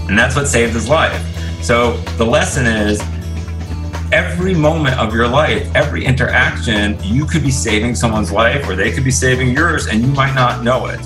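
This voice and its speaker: A man's voice: mid-range voice, normal speed, over music, poor audio. A man, an author, talking as a radio interview guest in a reflective, rambling way with many restarts. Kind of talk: casual interview talk. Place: radio studio.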